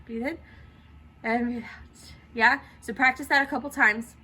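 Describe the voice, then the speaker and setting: A woman's voice: fairly high pitch, fairly even intonation, unhurried, pushed and bright, slightly rough. A woman teaching theatre students, guiding them through breathing exercises and checking in with them often. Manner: encouraging, checks in with "okay?" often. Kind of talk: guided breathing exercise instruction.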